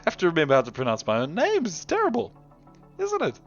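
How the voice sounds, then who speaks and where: A man's voice: high voice, wildly swooping pitch, fast. Man, gameplay commentator: bouncy, sing-song delivery, chuckles often, slips into mumbled asides; dull lo-fi sound over faint game music. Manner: chatty, giggly, trails off into quiet mutters. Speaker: game video host.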